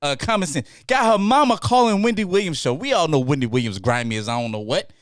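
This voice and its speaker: A male podcast host who rants in a lively, up-and-down voice, sitting a little high for a man. He repeats phrases for emphasis and works himself up. The sound is close and dry, with no room around it. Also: quick pace, no echo. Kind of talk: casual podcast chat. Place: studio table with co-hosts.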